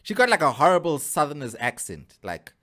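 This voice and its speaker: A man rambling excitedly in casual chat while reacting to a video. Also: fairly high pitch, a little fast. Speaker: co-host reacting.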